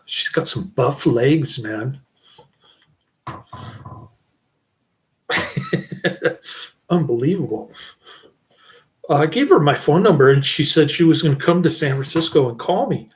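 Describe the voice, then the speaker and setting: A man's voice: on the high side, very animated, slow pace, long pauses. A middle-aged man giving a casual, rambling channel update, often breaking into chuckles. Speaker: channel host.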